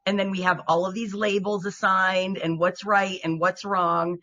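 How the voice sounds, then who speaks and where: A woman co-hosts a radio talk show in casual conversation. Her voice is bright and clear, and she speaks earnestly. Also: mid-range voice, level tone, normal speed. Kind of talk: casual chat.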